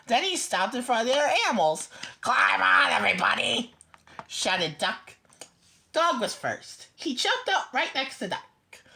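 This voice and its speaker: A woman reading a children's picture book aloud slowly and expressively, with small stumbles. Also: on the high side, sing-song, fairly bright tone.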